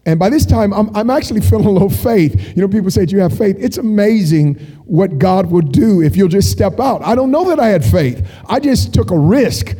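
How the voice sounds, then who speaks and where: High-voiced animated preacher in a hall. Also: male voice, normal speed, few pauses, breathy edge. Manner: animated storytelling, jokey asides. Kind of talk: sermon. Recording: long hall reverb.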